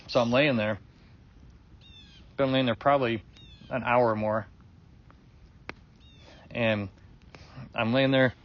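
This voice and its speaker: A man telling a personal story in casual talk, loose and rambling, with many fillers and restarts and plenty of swearing. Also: mid-range voice. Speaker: guest sharing a personal story. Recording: dull lo-fi recording.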